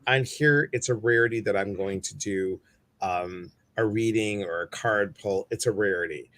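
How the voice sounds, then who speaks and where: A man's voice: on the low side, moderate pace, fairly bright tone. Chatty man hosting a live stream. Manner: chatty, greets viewers, many fillers. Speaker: host. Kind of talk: casual live-stream chat.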